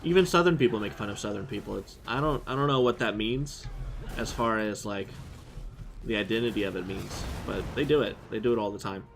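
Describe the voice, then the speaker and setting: A man's voice: lowish voice, fairly quick, creaky, faint music behind. Man rambling on a game stream. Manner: rambling, thinking aloud. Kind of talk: casual live-stream chat.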